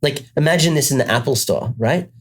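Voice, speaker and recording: A man's voice: mid-range voice, moderate pace. A man with an Australian accent telling a rambling comic story in a casual chat, full of restarts.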